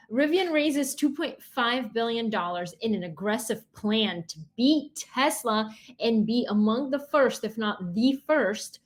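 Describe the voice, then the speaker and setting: A woman guest on a podcast, chatting casually with playful, quick comebacks. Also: a little high. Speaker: guest co-host. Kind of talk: casual chat.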